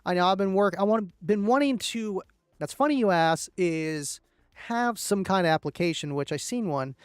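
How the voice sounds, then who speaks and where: A man's voice: high voice, animated, moderate pace, clean tone, dry recording, clean studio sound. A man hosting a casual livestream, rambling and thanking viewers by name as he reads the chat. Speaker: livestream host reading chat.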